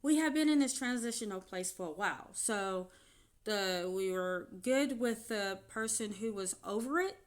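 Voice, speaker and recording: A woman telling her own story in an unscripted vlog, her voice sitting at an ordinary middle pitch. She speaks candidly and haltingly, often restarting her sentences. She grows animated as she retells what happened. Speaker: vlogger.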